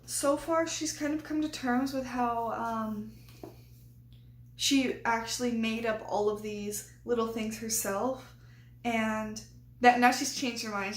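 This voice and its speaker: Teen girl vlogger, high bright voice, rambling excitable casual chat. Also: takes it slowly. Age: teens. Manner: rambling, excitable, lots of filler words. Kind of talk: casual reading vlog chat.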